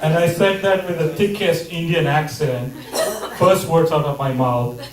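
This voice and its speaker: A man doing a stand-up comedy set with a deadpan, mock-serious delivery. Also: fairly high pitch, a little slow, a crowd in the background. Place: comedy theater stage. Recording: echoey theater mic from a distance.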